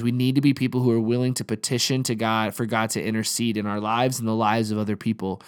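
A man in his thirties preaching a sermon at a mid-range pitch. He talks in a relaxed, conversational way, tells stories and repeats his key lines for emphasis. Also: fast, hardly any pauses, clean tone. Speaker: pastor.

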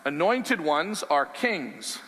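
Animated preaching man in a reverberant hall. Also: on the high side, slow pace. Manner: animated, conversational preaching with rhetorical questions. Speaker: pastor. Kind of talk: sermon.

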